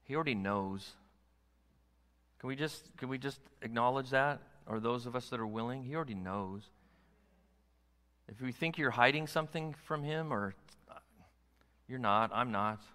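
The sermon comes from a male pastor whose bright, forceful voice sits at medium pitch, moving at a moderate pace broken by long pauses. Hushed intimacy gives way to loud exhortation, and a large church's long reverb hangs on every line.

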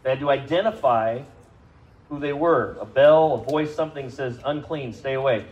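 A man preaching a sermon to a congregation, speaking conversationally, asking them questions and rising in pitch and volume for emphasis. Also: normal speed, a little mellow, dull audio. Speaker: pastor. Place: church service.

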